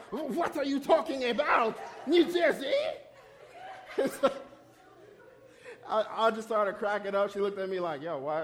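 A young man leads a youth service with an energetic, chatty sermon. His voice sits slightly high for a man, and he keeps tossing in quick "right?"s to keep his listeners with him. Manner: lively, conversational, often asks "right?". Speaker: youth pastor.

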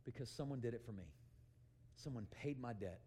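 A man preaching a sermon in an animated way, acting out little scenes, calling for amens and sometimes shouting. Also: mid-range voice, a little fast, breathy edge. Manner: animated, shouts for emphasis and acts out quotes; calls for amen often.

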